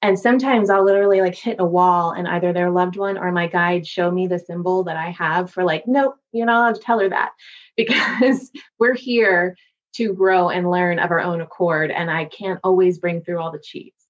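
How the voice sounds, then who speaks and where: A woman's voice: on the low side, normal speed, highs cut off. A woman working as a medium, telling stories in an interview and acting out voices as she goes. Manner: animated storyteller, acts out voices. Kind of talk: podcast interview.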